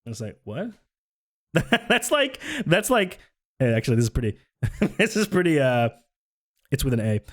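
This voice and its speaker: Young man, streamer, sarcastic, sweary, laughs a lot, slightly higher voice. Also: big pitch swings, moderate pace, long pauses, a bit bright. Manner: sweary, laughing, sarcastic, reads chat aloud. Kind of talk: casual political commentary stream.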